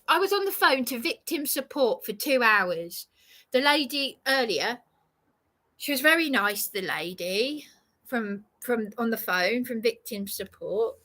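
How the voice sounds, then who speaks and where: A woman delivers an emphatic, indignant monologue at an unhurried pace. Her voice is high and bright, and she swears and laughs with bitter disbelief. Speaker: vlogger. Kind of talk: ranting monologue to camera.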